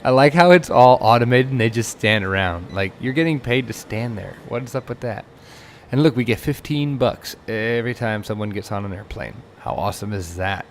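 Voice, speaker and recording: A man with a low, gravelly voice talks his way through a game in a loose, rambling style. He grows exasperated when things break. A faint hiss sits under his voice. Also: brisk. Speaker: let's play host. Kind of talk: casual gameplay commentary.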